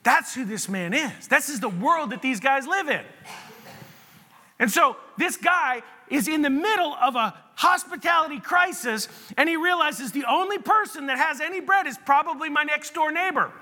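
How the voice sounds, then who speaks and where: A man preaching a sermon as pastor, telling stories in an animated way and often restarting his sentences. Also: very high-pitched, normal speed. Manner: animated storytelling with repeated restarts. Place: church sanctuary. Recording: long reverb of a large hall.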